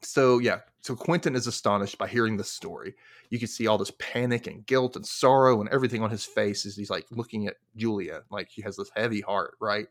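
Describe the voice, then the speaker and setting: A man's voice: fairly low pitch, fairly quick. A man hosting a podcast, recapping a TV episode in casual chat, full of fillers, who acts out the characters' lines. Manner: chatty, many fillers, acts out quotes. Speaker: podcast host.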